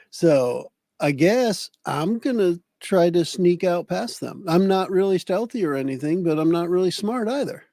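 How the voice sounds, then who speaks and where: A man's voice: high-pitched, expressive, measured pace, dark tone, dry recording. A man playing a tabletop role-playing game, joking and easygoing. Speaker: player. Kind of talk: casual tabletop game play.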